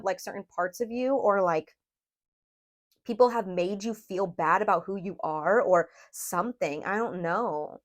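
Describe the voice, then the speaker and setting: A woman's voice: mid-range voice, normal speed. A woman giving a casual tarot reading, chatty and emotional, addressing her viewers as "you guys" with lots of "like". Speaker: tarot reader.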